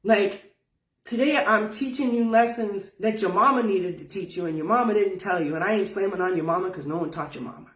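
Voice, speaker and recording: A woman's voice: mid-range voice, brisk, distant mic. A woman teaching spiritual wellness in casual talk, folksy and emphatic, swearing freely. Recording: roomy sound from off-mic.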